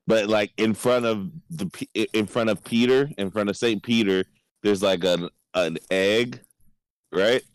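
A man co-hosting a podcast in casual chat, retelling scenes in a rambling, excited way with lots of fillers. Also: lowish voice, measured pace, smooth, no echo, poor audio. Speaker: podcast co-host.

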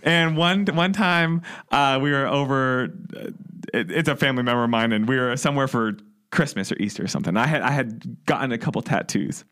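A man's voice: medium pitch, a little fast, fairly bright tone. A young man from the US Midwest, a podcast co-host telling rambling stories in casual chat, laughing often.

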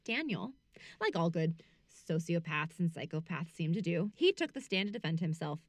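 A woman's voice: lowish voice, very animated, moderate pace, no echo, studio quality. A woman hosting a casual true-crime podcast, reading out case facts and breaking off to react with blunt swearing and laughter.

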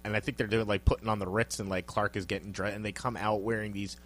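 Low-voiced man hosting a trivia podcast. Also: fast talker, slight background noise. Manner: laughs often, animated, loose and joking. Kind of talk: casual podcast chat.

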